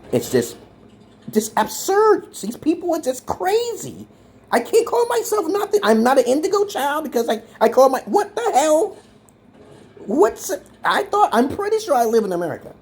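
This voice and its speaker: A man of about fifty from Brooklyn, delivering a mocking, laugh-studded rant to his viewers that swings from loud outbursts to muttered asides. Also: high voice, a little hiss or hum. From Brooklyn, New York. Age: around 50. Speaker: social media commentator. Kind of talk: ranting monologue to viewers.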